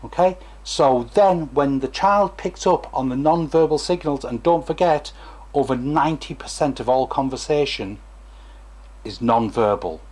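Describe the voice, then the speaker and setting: A man's voice: mid-range voice, expressive, measured pace, darkish tone. A former stammering therapist, a man, gives a chatty, digressive talk to camera and acts out examples as he goes.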